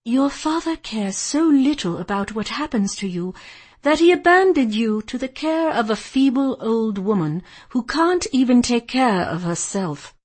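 Lady reading as a bored, icy gentleman kidnapper, breathy voice, drawls his threats. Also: on the high side. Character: cold, menacing gentleman kidnapper, adult man.

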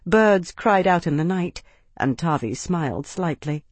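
An audiobook narrator reading a story in a steady, even storytelling voice. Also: mid-range voice, unhurried, dry recording. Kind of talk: scripted narration.

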